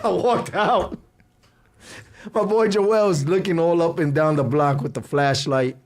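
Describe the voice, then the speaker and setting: A man, a podcast host telling a story in a casual, animated way, laughing often and acting out what others said. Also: on the high side, unhurried. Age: 40s.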